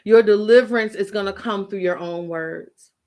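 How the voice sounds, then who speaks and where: A woman's voice: mid-range voice, normal speed, dark tone. A woman giving a motivational faith talk as a writing coach, speaking emphatically and repeating phrases the way a preacher does. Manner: emphatic, repetitive, preacherly storytelling.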